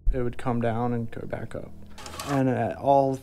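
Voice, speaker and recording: Gravelly-voiced man, halting testimony. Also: medium pitch, little pitch movement, warm tone, soft background music. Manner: halting, hesitant, with frequent restarts. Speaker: interviewee recounting an encounter. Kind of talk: documentary interview testimony.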